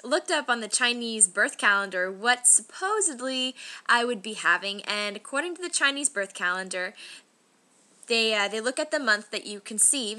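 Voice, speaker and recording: A young woman telling a personal story to the camera in a chatty, animated vlog, often acting out the voices of people she quotes. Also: medium pitch. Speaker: vlogger.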